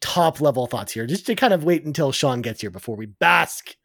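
A man's voice: mid-range voice, animated, brisk, vocal fry, a bit bright, no room sound, clean studio sound. A man co-hosting a casual live-stream chat, playful and sarcastic. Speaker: podcast co-host.

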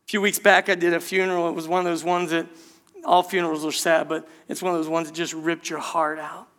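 Pastor guy preaching, high bright voice, earnest and fired up. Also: little pitch movement, a little fast. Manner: earnest, impassioned, addresses the congregation as "church". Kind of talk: sermon.

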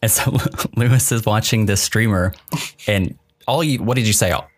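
A man's voice: fairly low pitch, moderate pace. A young man co-hosting a podcast in casual chat, laughing often and rambling with restarts. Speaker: podcast co-host.

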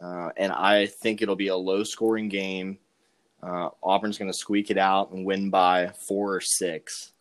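Rambling young man with a low voice. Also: little pitch movement, a little slow. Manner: joking, rambling with many ums and uhs. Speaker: podcast co-host giving betting picks. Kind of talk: casual sports betting chat.

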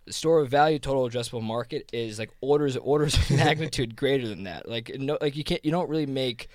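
A man's voice: mid-range voice, fast talker, a little mellow, no echo, clean studio sound. A man with a South Jersey accent talking casually, rambling with lots of fillers and restarts. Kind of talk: casual conversation.

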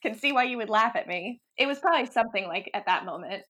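A woman with a bright, sharp voice, a little higher than most, recalling old times with a friend. She laughs easily and pokes fun at herself as she talks. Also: lively intonation, fast. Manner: giggly, chatty, self-mocking. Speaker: actor, friend. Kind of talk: casual chat, reminiscing.

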